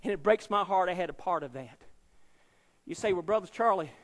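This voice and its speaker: A man's voice: high-pitched, lively intonation, a little fast, in a large hall. A man in his fifties, an evangelist telling his life story as a sermon to a university audience, dramatic and emphatic, acting out the people in his story. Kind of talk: testimony sermon. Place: large university auditorium.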